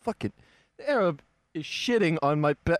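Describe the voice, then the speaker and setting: A man's voice: a little high, animated, normal speed, a little hiss or hum. A male radio host talking casually, exasperated and swearing a lot. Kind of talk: casual profane radio chat.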